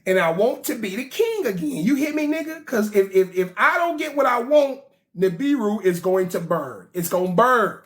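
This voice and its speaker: A man voicing a cocky male alien rebel who boasts and makes demands over a phone call in loud slang. The voice sits well above his own. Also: high-pitched, big pitch swings, moderate pace. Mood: boastful.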